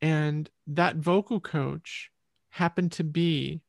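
A woman's voice: deep voice, steady tone, slow pace, creaky, no room sound. A woman musician, a guest in an interview, telling her story in a rambling, reflective way.

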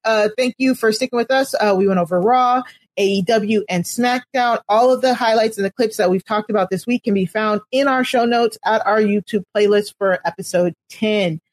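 A woman co-hosting a casual podcast, animated and quick to laugh, often restarting her sentences. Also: on the high side, no echo. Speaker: podcast co-host.

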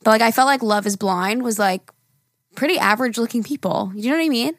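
A young woman with a raspy voice co-hosting a podcast in casual chat, peppering her talk with "like". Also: fairly high pitch, quick pace, no room sound, studio quality. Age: young adult. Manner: chatty, lots of "like", swears casually. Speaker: podcast co-host.

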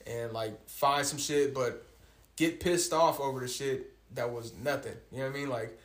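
A man's voice: medium pitch, normal speed. A man co-hosting a podcast in casual chat, blunt and heavily profane as he tells his stories. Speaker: podcast co-host. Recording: roomy echo.

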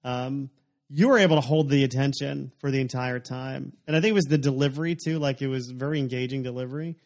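A man's voice: medium pitch, steady tone, quick pace, a little mellow. A young adult man hosting a casual chat, rambling with lots of fillers. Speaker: podcast host.

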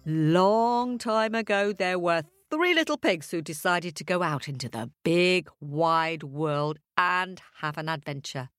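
Animated woman telling children's stories. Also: fairly low pitch, slow pace, hardly any pauses, clean tone, no room sound, soft background music. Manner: animated, playful, makes sound effects. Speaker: children's storyteller. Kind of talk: storytelling for children.

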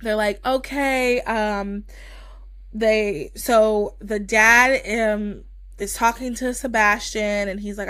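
A woman's voice: medium pitch, fairly even intonation, slow pace, a bit bright, smooth, dry recording. A young woman co-hosting a podcast, gushing in casual chat with lots of fillers. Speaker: podcast co-host.

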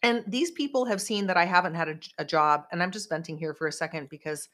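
A woman's voice: fairly low pitch, quick pace, a bit bright. A woman hosting a podcast in casual chat, rambling and emphatic as she vents. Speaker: podcast host.

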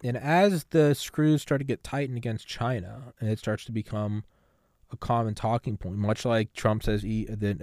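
Recorded cleanly in a studio with no echo, a man with a fairly low, darkish voice rants about politics on his solo podcast. He's sarcastic and profane and keeps drifting into rambling side comments.

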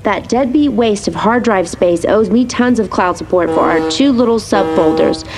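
A woman's voice: mid-range voice, music in the background, close to an everyday voice, poor audio. Woman playing a sassy yacht AI. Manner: bossy, quick to scold.

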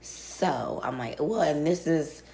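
A young woman hosting her podcast in a casual chat, her voice hoarse and nearly gone, chatty and giggly. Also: deep voice, lively intonation, warm tone. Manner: giggly, chatty, drawn-out exclamations. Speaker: podcast host. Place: vacation rental room.

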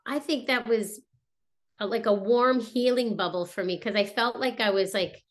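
A woman in her thirties talking casually and reflectively about her family, pausing often with fillers and restarts. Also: on the high side. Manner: halting, many fillers and restarts. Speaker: guest sharing a personal story.

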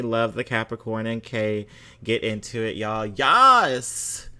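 A man hosts his podcast in an easy, unhurried drawl, reading listener reviews aloud. His voice is bright and crisp, sitting a little low. He keeps it playful and breaks into loud, exclamatory emphasis. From Southern United States. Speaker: podcast host.

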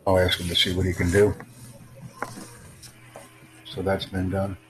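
Deep-voiced rambling male stream host. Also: completely flat delivery, a little slow, fairly bright tone, slight background noise, poor audio. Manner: rambling, repeats himself, self-promoting. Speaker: livestream podcast host. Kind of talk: casual livestream chat with callers. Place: in the United States.

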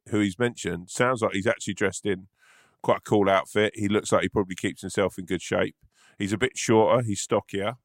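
A man's voice: on the low side, creaky, dry recording, studio quality. A man co-hosting a podcast in loose, comedic chat, often laughing. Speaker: podcast co-host.

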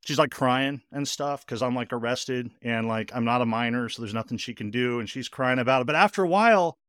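A man hosting a podcast tells a personal story in a loose, chatty way, often rushing ahead and filling gaps with "like". His voice sits in an ordinary middle pitch. It is recorded close and dry, with no room sound. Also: no echo. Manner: animated, speeds up in bursts, heavy use of "like". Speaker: podcast host. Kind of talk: casual storytelling.

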